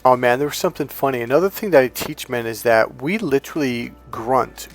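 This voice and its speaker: A man's voice: medium pitch, a little fast, hardly any pauses, soft background music. A man who is a dating coach, talking off the cuff to camera in a rambling, profane way and acting out grunts and crying babies.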